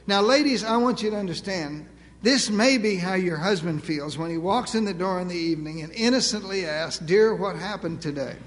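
High-pitched older preacher in a reverberant hall. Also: male voice, fairly bright tone. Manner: folksy, humorous, drawn-out emphatic delivery. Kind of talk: sermon. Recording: long reverb of a large hall.

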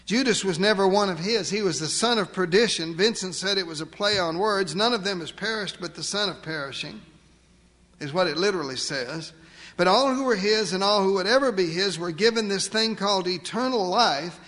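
A man preaching a sermon, emphatic, asking rhetorical questions and slowing down to stress key words. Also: high voice, lively intonation, a bit bright, long reverb tail. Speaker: pastor.

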